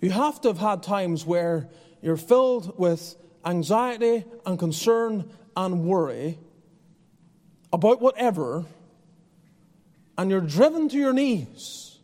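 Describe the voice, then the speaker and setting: A man's voice: high voice, lively intonation, slow pace, pauses often, a little mellow, big-room sound. A man preaching a sermon as pastor, earnest and conversational, often restarting his phrases. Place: church.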